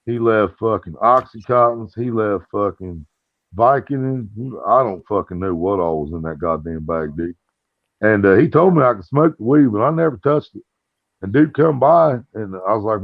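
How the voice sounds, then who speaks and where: A man with a gravelly, creaky voice tells rambling, profane stories in casual chat and jumps his pitch up whenever he acts out what someone else said. The sound is close and dry, with no room around it. The recording itself is dull and lo-fi. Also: normal speed, no echo. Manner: profane, acts out quoted dialogue in a higher voice. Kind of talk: casual storytelling.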